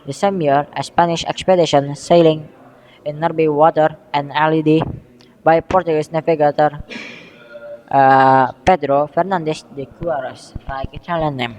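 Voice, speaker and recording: A young man from Indonesia with an Indonesian accent, giving a school history presentation, halting and often correcting himself as he reads from notes. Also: a little high, steady tone, darkish tone, in a large hall, low-quality recording. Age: young adult. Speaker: student presenter.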